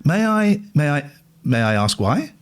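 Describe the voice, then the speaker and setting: A man hosting a call-in radio show in casual chat, sometimes whispering softly and out of breath. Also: on the high side, big pitch swings, measured pace, rough recording. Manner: whispers and coos softly to an animal in the garden. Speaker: radio host.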